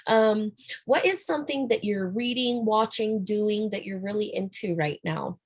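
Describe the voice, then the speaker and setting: A woman's voice: mid-range voice, unhurried. A woman hosting a podcast interview, asking questions and affirming her guest. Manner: warm, affirming, brief replies. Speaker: podcast host. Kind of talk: casual interview talk.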